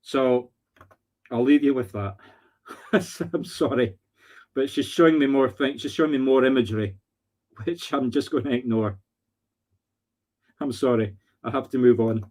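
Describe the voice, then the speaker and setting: A Scottish man working as a medium on a live stream, talking earnestly and haltingly, often searching for words. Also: mid-range voice, a little mellow. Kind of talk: live-streamed spirit readings.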